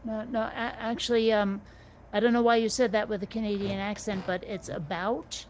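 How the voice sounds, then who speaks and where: A woman co-hosting a casual chat, talkative and quick to swear, often restarting her sentences. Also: medium pitch, little pitch movement, a little mellow, a little hiss or hum.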